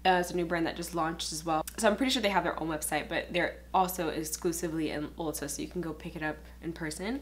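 A woman's voice: sits low, steady tone, fast, few pauses. A young woman chatting casually while doing her makeup, emotional and tearful, laughing nervously through it. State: crying. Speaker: beauty vlogger. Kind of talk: casual get-ready-with-me chat.

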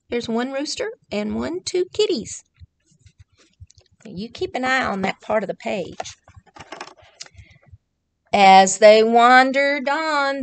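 Librarian reading picture books to children; high, animated, unhurried. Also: female voice. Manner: warm, sing-song, addresses children directly, counts along. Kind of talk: children's story time read-aloud.

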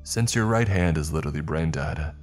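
A man's voice: extremely low pitch, a little fast, soft background music. A man voicing a sardonic, scheming young man who hisses his remarks in a horror story. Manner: hissing, dry. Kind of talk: scripted horror narration.

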